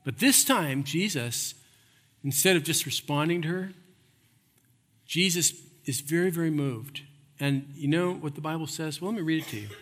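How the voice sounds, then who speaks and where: A man's voice: on the high side, moderate pace. Emphatic preaching man, hall reverb. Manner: emphatic, repeats phrases, swings between loud and hushed. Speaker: pastor. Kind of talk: sermon.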